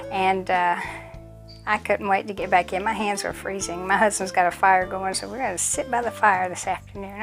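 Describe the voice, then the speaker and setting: Middle-aged woman vlogger, casual storyteller, animated, mid-pitched, faint music behind. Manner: animated, acts out other people's voices in quotes. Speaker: vlogger and community theater actress.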